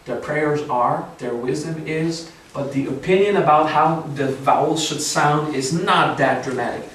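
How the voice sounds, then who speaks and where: A man's voice: a little high, a little slow, a bit bright. A man teaching a seminar, explaining patiently with frequent check-ins to his audience and light joking asides. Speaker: spiritual teacher. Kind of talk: seminar lecture. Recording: very echoey room, distant mic, faint hiss.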